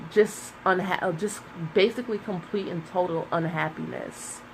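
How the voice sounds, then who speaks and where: A woman's voice: on the low side, fairly bright tone, slight background noise, rough recording. A woman giving a casual tarot reading, emotional and searching, close to tears and hesitating often. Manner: emotional, searching, with many fillers. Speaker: tarot reader.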